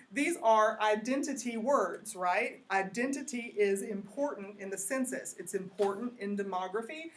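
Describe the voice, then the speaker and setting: A woman teacher talks through a lecture in a loose, conversational way and keeps checking in with her class. Her voice sits at an ordinary middle pitch. She is heard from some distance from the mic. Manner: conversational, asks the class questions, goes off on tangents.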